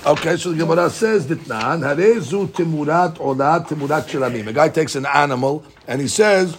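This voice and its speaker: Fast-talking gravelly male Talmud teacher. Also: fairly high pitch, a little hiss or hum. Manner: reads Aramaic text rapidly and explains it in English; stumbles and repeats words while explaining. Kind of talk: casual Talmud study lesson.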